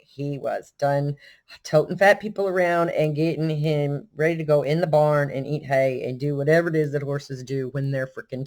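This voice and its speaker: An older woman from Texas with a Texan accent, telling a story in a casual, animated, self-deprecating way. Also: low-pitched. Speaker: vlogger.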